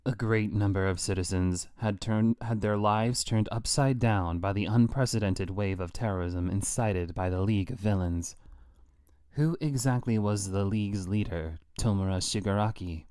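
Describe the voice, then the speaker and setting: An objective male TV news reporter, as a man puts him on for a manga reading on stream. His delivery is steady and formal, in a low voice with dry, close sound. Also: moderate pace, clear, resonant tone, no echo, close to an everyday voice. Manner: steady formal broadcast read.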